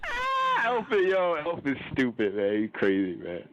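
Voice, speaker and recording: A man's voice: a little high, wildly swooping pitch, unhurried, dull audio, noisy background. Loose, laughing podcast host, man. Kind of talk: casual chat.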